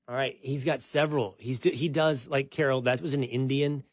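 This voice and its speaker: A man's voice: mid-range voice, moderate pace, dry recording, clean studio sound. A man hosting an opinion talk show, making his case in a conversational, argumentative way. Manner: conversational, argumentative, animated when making a point.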